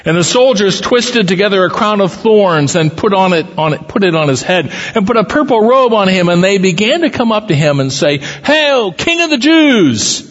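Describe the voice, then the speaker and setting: A husky, fairly high male voice reads scripture in a sermon, swinging his pitch widely whenever he quotes someone. The sound is dull and lo-fi, with a long reverb ringing through a church sanctuary. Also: animated, a little fast, few pauses. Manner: reads scripture aloud with dramatic rises for quoted speech, then teaches. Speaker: pastor.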